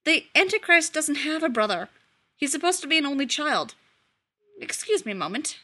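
A woman's voice: high voice, sing-song, normal speed, pushed and bright, pitched above the performer's own voice, full character voice. A woman voicing a short, fawning male demon who drips with pet names and forced cheer. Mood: chatty. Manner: wheedling, nervous, fake-cheerful.

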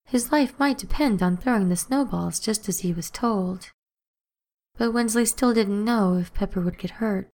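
A woman's voice: mid-range voice, moderate pace, a little mellow. Woman narrating an audiobook.

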